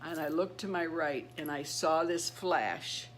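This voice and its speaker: A middle-aged woman telling a personal story to her channel. She speaks earnestly and haltingly, with many restarts and repeated words. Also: sits low, slight background noise. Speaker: channel host.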